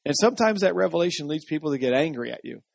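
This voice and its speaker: A male pastor gives a conversational sermon, often asking the room for an answer. His voice sits somewhat high for a man. The recording is dry and close. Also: animated, rapid-fire, vocal fry, no echo. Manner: conversational, asks the congregation for responses.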